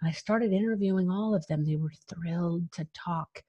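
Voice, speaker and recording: A woman's voice: lowish voice, moderate pace, mellow, husky, dull audio. A woman guest in an interview, telling her own story in a frank, emphatic way and laughing between phrases. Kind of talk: candid personal storytelling.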